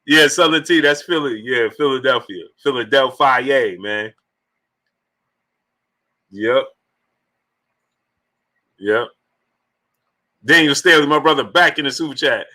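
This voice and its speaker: A sports channel host with a sharp, mid-range voice reads super chats aloud during a live stream, speaking slowly with long pauses. He's emotional and slangy, laughing so often that he ends up in tears.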